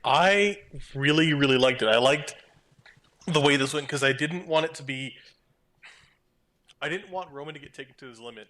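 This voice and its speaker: A man's voice: a little high, moderate pace, long pauses, pushed and bright. A man co-hosting a casual podcast, giving his opinion earnestly and often restarting his sentences. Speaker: podcast co-host.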